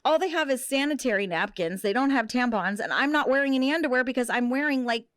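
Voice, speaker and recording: A woman's voice: high-pitched, quick pace, no echo, studio quality. A middle-aged woman hosting a podcast, telling a story in casual, profane chat and acting out the people she quotes. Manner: profane, animated, acts out quotes. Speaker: podcast host.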